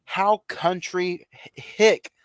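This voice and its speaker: A man co-hosting a movie podcast, chatting casually with frequent halting restarts. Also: high voice, steady tone, clear, resonant tone, dry recording. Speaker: podcast co-host.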